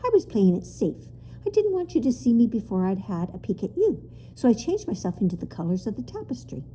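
A woman voicing a friendly, lonely moose-like royal creature with a deep voice and a lisp in a storybook reading. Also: sing-song, brisk, dark tone, slight background noise. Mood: cheerful. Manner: cheerful, chatty, a little vain.

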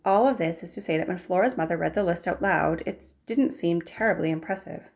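A woman narrating a novel aloud in a measured storytelling manner. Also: on the low side, vocal fry. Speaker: audiobook narrator. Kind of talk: scripted narration.

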